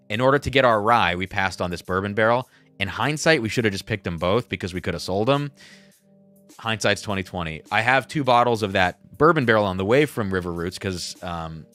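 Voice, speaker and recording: Low-voiced male stream host, loose and self-deprecating, reading chats over faint background music. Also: fairly bright tone. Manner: rambling, self-deprecating, reads viewer chats aloud. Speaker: livestream host. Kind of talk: casual livestream chat.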